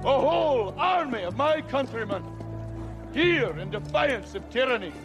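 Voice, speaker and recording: A pastor putting on a Scottish accent to play a defiant rebel leader rallying an army, in a slow, rousing battle speech. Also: male voice, extremely high pitch, animated, dull audio, music in the background, pitched above the performer's own voice. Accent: Scottish, put on. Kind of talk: sermon with acted impression.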